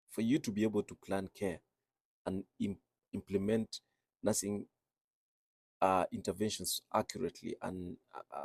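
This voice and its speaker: Gravelly, husky man, earnest and low. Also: darkish tone, no echo. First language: not English. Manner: earnest, repeats phrases for emphasis. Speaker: registered nurse. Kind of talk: reflective talk on speaking with an accent.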